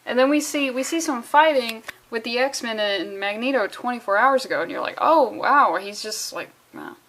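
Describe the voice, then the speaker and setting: A woman's voice: on the high side, moderate pace, a bit bright. Sarcastic, profane woman reviewing comics. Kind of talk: casual commentary vlog.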